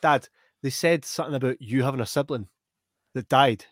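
A man's voice: medium pitch, brisk, no echo, clean studio sound. Scottish man telling a story. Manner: animated anecdote-telling, acting out quoted voices. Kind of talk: casual storytelling chat.

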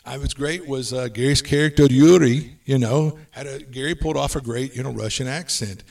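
Male podcast host, brisk list-driven delivery, sits a bit back from the mic. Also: medium pitch, vocal fry, recorded from a distance. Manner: brisk, runs through lists of tips. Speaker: podcast host giving tabletop game advice. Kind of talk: casual podcast chat.

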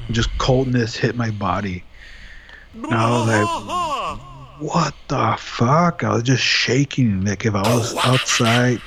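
A young man casually telling a story in profane, animated language, acting out what he said back then. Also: mid-range voice, a little hiss or hum. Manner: profane, animated retelling with quoted asides. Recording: dull lo-fi audio.

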